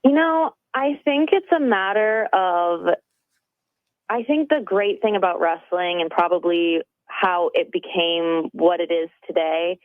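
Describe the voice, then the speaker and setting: A woman's voice: fairly low pitch, measured pace, no echo. A woman wrestling coach calling in to a radio interview, upbeat and earnest, with many "you know" fillers. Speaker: wrestling coach, phone-in guest. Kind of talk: phone interview. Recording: tinny phone line.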